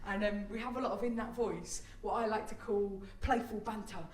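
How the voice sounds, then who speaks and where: A woman's voice: mid-range voice, fairly even intonation, brisk. A woman performing live stand-up comedy, chatty and self-mocking. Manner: chatty, self-mocking, bursts into squealing act-outs. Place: theatre stage before a laughing audience. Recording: roomy live theatre recording, mic at a distance, loud audience.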